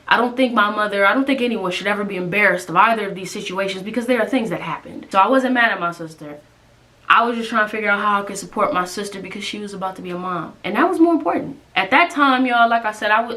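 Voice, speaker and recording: A woman's voice: mid-range voice, bright, forceful tone. A woman in her twenties telling a personal story to her viewers in a candid, casual way. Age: 20s. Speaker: vlogger.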